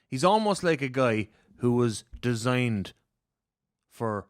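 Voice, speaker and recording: Man, Irish accent, wry, deadpan, podcast co-host, dry sound. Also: mid-range voice, takes it slowly, no echo. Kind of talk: casual chat.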